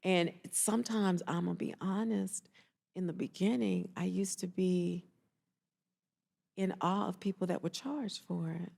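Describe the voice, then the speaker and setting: Woman, 40s, therapist, gravelly voice, animated storyteller, casual podcast chat. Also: on the low side, measured pace. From Atlanta, Georgia. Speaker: therapist and executive coach, guest. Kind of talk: casual conversational interview.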